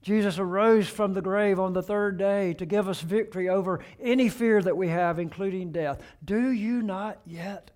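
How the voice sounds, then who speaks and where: A man preaching a sermon in earnest, rising on the questions he quotes and dropping low and soft to close each point. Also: steady tone, moderate pace, hardly any pauses, clean tone.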